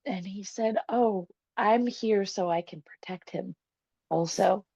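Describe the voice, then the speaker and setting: A woman's voice: mid-range voice, slow, vocal fry, mellow, breathy edge, dry recording. A young woman telling a personal story as a podcast guest, candid and emotional, swearing freely and laughing often. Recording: dull, dry, lo-fi podcast sound.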